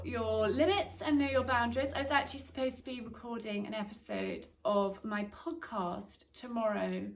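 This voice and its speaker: A woman's voice: medium pitch, fairly bright tone, recorded from a distance, slight background noise. A middle-aged woman chatting casually to camera at home, rambling a little with frequent restarts. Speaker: vlogger. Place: home indoors.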